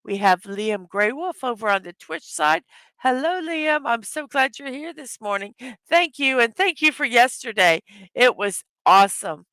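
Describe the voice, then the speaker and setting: A tired, hoarse woman hosting a casual morning livestream, greeting her chat viewers one by one. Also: high-pitched, expressive, normal speed, bright, forceful tone, dry recording. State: tired from little sleep. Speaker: livestream host.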